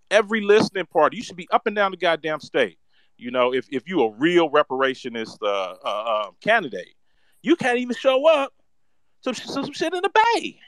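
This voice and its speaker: A man's voice: high voice, a bit bright, no room sound. A man giving a profane, ranting commentary, heated and mocking, heavy on slang and cursing. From San Francisco Bay Area. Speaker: political commentator.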